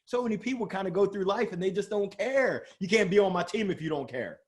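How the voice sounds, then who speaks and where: High-voiced man, animated sales talk. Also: a little fast. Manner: lively, joking, emphatic. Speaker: sales speaker and guest. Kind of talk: energetic motivational interview talk.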